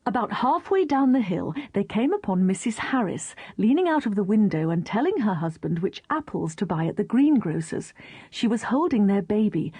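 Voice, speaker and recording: A woman narrating a children's storybook in a lively, expressive way. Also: medium pitch, moderate pace, breathy edge, no echo. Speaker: audiobook narrator.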